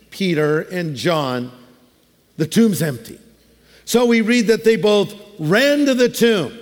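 A man preaching a sermon in a relaxed, conversational way, mixing scripture with humorous everyday asides. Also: high voice. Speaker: pastor. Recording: long hall reverb.

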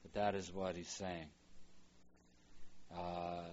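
A man teaching a Bible language lesson, slowly sounding out and repeating words for students to follow. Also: deep voice, steady tone, highs cut off. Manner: slow, repeats words aloud for practice. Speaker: Hebrew teacher.

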